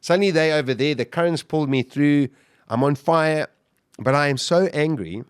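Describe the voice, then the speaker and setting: A man, a podcast guest, telling his own survival story in the first person, animated, with restarts and sudden bursts of emphasis. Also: on the high side, moderate pace, clear, resonant tone, no echo, clean studio sound.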